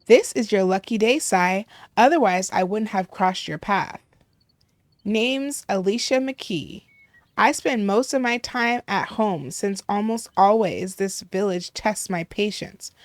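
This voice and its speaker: An aloof village woman from a farming game, cool and impatient with everyone, voiced by a woman reading the lines. She speaks slowly and measured, close to the mic in a dry room. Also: medium pitch, no echo, natural voice.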